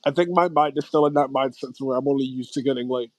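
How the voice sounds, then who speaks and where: A man's voice: medium pitch, fast talker, low-quality recording. A young man hosting a casual livestream, rambling with lots of fillers and slang. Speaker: livestream host. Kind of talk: casual chat.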